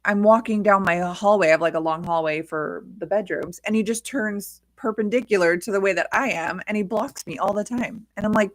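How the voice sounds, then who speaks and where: A woman co-hosting a podcast from her home office, chatting casually and telling animated stories. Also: mid-range voice, normal speed, hardly any pauses, dry recording. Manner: chatty, animated storytelling about her dog. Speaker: podcast co-host. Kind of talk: casual chat. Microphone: desk microphone on a video call.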